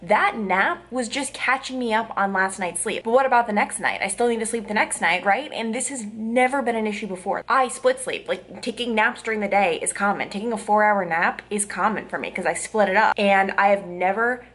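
A young woman in her twenties talks straight to her camera in a chatty, expressive way. She is a news reporter who fills her talk with casual "like"s and warm asides, and her voice sits in a plain middle pitch. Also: fairly quick, hardly any pauses.

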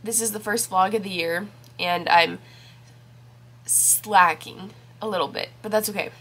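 A woman's voice: mid-range voice, fairly even intonation, measured pace, sharp tone. A woman chatting casually in a vlog about her week and her reading, talking in a rambling way with lots of fillers while congested and with a scratchy throat. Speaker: book vlogger.

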